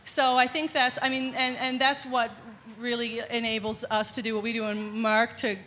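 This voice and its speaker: A woman's voice: fairly high pitch, flat delivery, normal speed, bright, forceful tone, slight background noise. A woman from Newfoundland speaking thoughtfully on a comedy panel, with frequent restarts. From Newfoundland, Canada. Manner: thoughtful, hesitant, restarts often. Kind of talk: casual panel talk.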